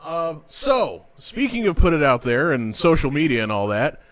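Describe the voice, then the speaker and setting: A man hosting a podcast interview, encouraging his guest and quick to agree. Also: a little high, big pitch swings, a bit bright. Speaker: podcast host. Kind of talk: casual interview chat.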